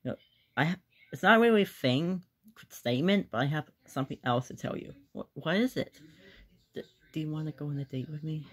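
A performer voicing a bashful young player character in an amateur voice drama, stammering and halting. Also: medium pitch, expressive, a bit bright.

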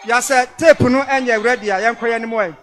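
A man with a very high, bright, forceful voice trading news items with a partner in lively, chatty exchanges. He reels off stories with quick interjections. Light music hums in the background. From Ghana. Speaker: co-host of a news review. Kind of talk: news commentary and back-and-forth banter.

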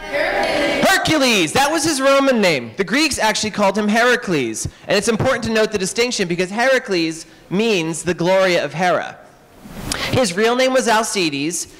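Animated man telling myths to kids. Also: high-pitched, long reverb tail, a little hiss or hum, poor audio. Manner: animated, joking, quick asides. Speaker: author and illustrator. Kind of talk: lively storytelling talk to children. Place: public library event room.

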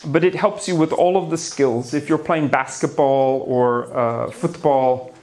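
This male neuroscience lecturer has a mid-range, somewhat dark voice and talks a bit slowly. He's presenting a conference lecture about the brain to a hall full of people, keeping it playful and theatrical with gasps, side remarks and small jokes for the crowd.

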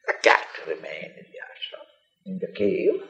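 Animated Indian storyteller man. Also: a bass voice, gravelly, highs cut off. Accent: Indian English. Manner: animated, laughing often, dramatic pauses. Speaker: storyteller, monk. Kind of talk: telling a children's story.

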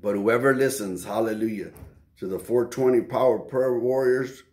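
A man's voice: mid-range voice, steady tone, normal speed, a little mellow, echoey room. A man preaching an informal sermon to prayer warriors, talking casually and emphatically and acting out quoted prayers.

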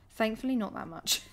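A woman's voice: on the high side, a little hiss or hum. A British woman streaming a game live, chatting, swearing and laughing as she plays. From United Kingdom. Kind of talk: live gameplay commentary.

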